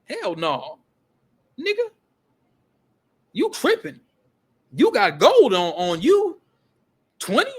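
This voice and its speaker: A man voicing an indignant woman vendor who scolds bluntly and swears, incredulous at a low price. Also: normal speed, few pauses, lightly acted.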